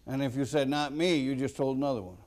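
A man preaching a sermon as a pastor, slow and deliberate with sudden loud emphatic bursts. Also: mid-range voice.

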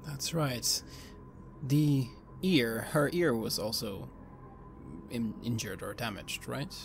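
A calm, measured man speaking in character during a tabletop role-play. His voice sits mid-range over faint background noise. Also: mid-range voice, vocal fry. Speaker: player.

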